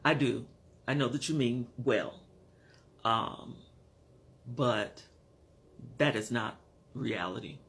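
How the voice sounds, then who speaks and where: Slow, frank man in his fifties or sixties. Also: medium pitch, creaky, fairly bright tone. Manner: frank, measured, pausing to search for words. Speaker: vlogger. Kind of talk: candid personal vlog monologue.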